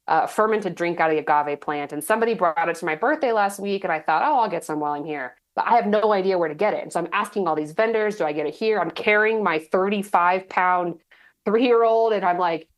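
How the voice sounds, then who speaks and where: A woman in her thirties from Texas, a guest telling stories in a chatty, animated way with lots of fillers. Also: on the low side, fairly quick. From Texas, United States. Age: 30s. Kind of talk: casual interview storytelling.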